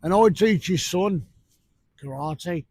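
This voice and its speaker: A man's voice: high-pitched, takes it slowly, a little mellow. Blunt, sweary man on a night beach. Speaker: fishing vlogger. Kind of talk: casual vlog chat. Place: outdoors on a beach at night, rough surf.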